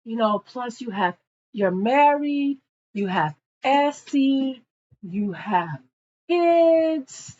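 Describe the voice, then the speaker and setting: A woman's voice: on the high side, expressive, very slow, a little mellow, muffled recording. A woman putting on the voice of a brash, boastful young mistress while retelling a show, sassy and taunting. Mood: dismissive.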